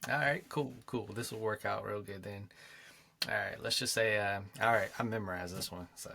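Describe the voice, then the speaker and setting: A man co-hosting a gaming podcast, spinning a rambling, animated story. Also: fairly low pitch, moderate pace, vocal fry. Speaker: podcast co-host. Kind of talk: casual chat, storytelling.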